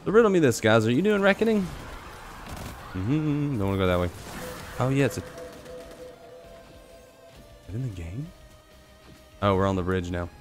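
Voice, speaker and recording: A man giving casual live commentary on his own gameplay, talking to himself and his viewers and jumping into high excited yelps. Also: moderate pace, pauses often, faint music behind. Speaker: game streamer.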